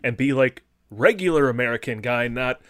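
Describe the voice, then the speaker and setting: A man in a casual film podcast chat, animated, often breaking into loud impressions of the star. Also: mid-range voice, normal speed, no room sound, studio quality. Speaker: podcast co-host.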